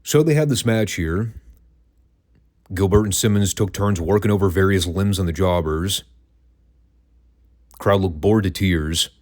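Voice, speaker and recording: A man's voice: low-pitched, unhurried, long pauses, a little mellow. A man hosting a wrestling podcast, reviewing old matches in a casual, dry and sarcastic way.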